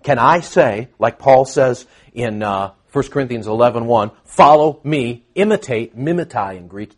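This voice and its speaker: A middle-aged male pastor working through scripture in an expository sermon. His voice sits a little high for a man. He explains quietly, then breaks into loud, emphatic bursts. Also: slightly rough.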